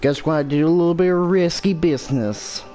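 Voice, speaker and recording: A man's voice: a little high, fairly quick, dark tone, soft background music. A man giving casual commentary while playing a hunting game, thinking aloud and muttering to himself. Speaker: gameplay commentator.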